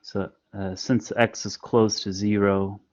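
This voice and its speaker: A man's voice: on the low side, flat delivery, takes it slowly, a little mellow, no room sound, dull audio. A man explaining a math lesson in an online class, patient and step by step with frequent fillers. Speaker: math instructor. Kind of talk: online lecture.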